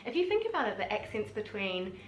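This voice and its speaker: A woman teacher chatting casually in a played video clip, lively and full of "like" fillers. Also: medium pitch, fairly quick. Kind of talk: casual chat about accents. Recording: roomy clip with faint noise.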